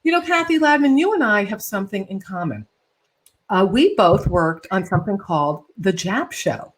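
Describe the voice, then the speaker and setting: A woman hosting a casual interview, chatty and animated with quick asides. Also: medium pitch. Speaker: host.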